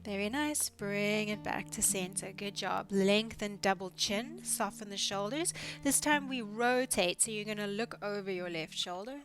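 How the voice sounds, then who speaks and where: A woman leads a neck mobility session as a physiotherapist, speaking at an ordinary middle pitch. She cues each movement calmly and gently, with encouragement along the way. Faint guitar music plays quietly behind her. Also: normal speed. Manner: calm, encouraging step-by-step cueing. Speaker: physiotherapist instructor. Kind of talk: guided exercise instruction.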